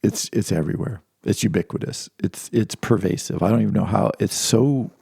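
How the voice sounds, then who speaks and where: Gravelly low-voiced man giving a lecture. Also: a little fast, dark tone, no room sound, clean studio sound. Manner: conversational, digressive, many restarts and asides. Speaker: philosophy lecturer. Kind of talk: informal philosophy lecture.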